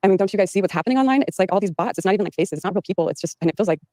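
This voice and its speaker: A woman's voice: mid-range voice, expressive, rapid-fire, darkish tone, poor audio. A woman giving an interview, rambling with many fillers and restarts. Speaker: interview guest. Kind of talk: recounting in an interview. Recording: played from an archived interview.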